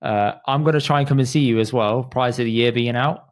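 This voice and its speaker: A man hosts a podcast in a casual, bantering way. He quizzes his guest and chats about home life. His voice sits at an ordinary middle pitch. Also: brisk. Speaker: podcast host.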